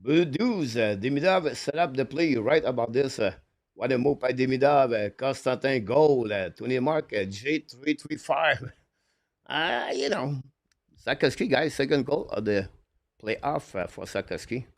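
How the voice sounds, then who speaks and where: A man calling a hockey game live as a fan play-by-play commentator, in rapid, clipped, broken phrases with eager, apologetic asides, speaking into a headset mic. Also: mid-range voice, animated, no echo, clean studio sound. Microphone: headphones with mic.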